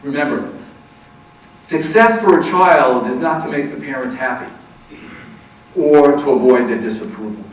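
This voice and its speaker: Pitched a little high, this man talks at a moderate pace and pauses often while delivering an earnest lecture on parenting to a live crowd. He's a counselor who repeats his main points and asks rhetorical questions, captured in a very echoey, distant, muffled room recording.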